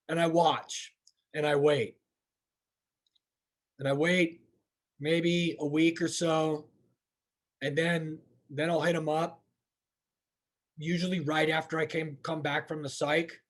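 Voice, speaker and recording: A man's voice: fairly high pitch, little pitch movement, slow, pauses often. A middle-aged man, an instructor, giving a candid, plainspoken training talk and retelling conversations, often restarting his sentences. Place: training session room.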